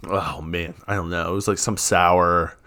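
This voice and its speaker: A man's voice: low voice, steady tone, normal speed, bright, forceful tone. A man co-hosting a casual chat podcast, rambling and playful with lots of fillers. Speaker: podcast co-host.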